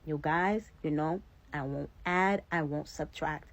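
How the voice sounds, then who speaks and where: A woman's voice: sits low, unhurried, rough recording. A woman vlogger chatting casually, retelling an ordinary experience and often addressing her viewers directly. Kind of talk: casual storytelling vlog.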